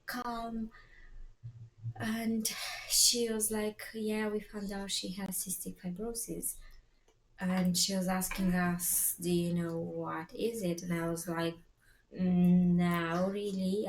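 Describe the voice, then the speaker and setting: A mother telling her family's story in a casual vlog, hesitant, with many fillers and restarts as she quotes what people said. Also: medium pitch. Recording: echoey room, faint background noise.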